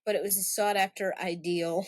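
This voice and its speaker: A woman co-hosting a casual history podcast, mostly answering with brief replies and quick banter. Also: medium pitch, fairly even intonation, dry recording, clean studio sound. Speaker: podcast co-host.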